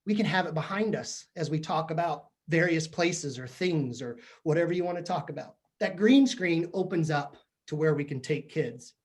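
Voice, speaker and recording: A man's voice: fairly high pitch, normal speed, few pauses. A man giving a humorous, chatty professional development talk to teachers, joking and poking fun at himself. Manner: jokey, chatty, self-mocking. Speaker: keynote speaker to teachers. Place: virtual session from home or office.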